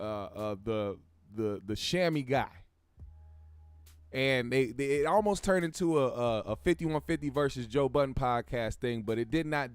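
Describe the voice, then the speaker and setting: A man's voice: mid-range voice, clean tone, no echo. A young man hosting a casual pop-culture commentary show, talking in a profane, rambling way with frequent restarts. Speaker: host.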